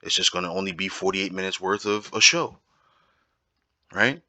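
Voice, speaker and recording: At a moderate pace, a man with a low, sharp-toned voice teaches the Bible informally, with no echo in the recording. He's emphatic and repetitive, regularly tossing in "right?" to check in.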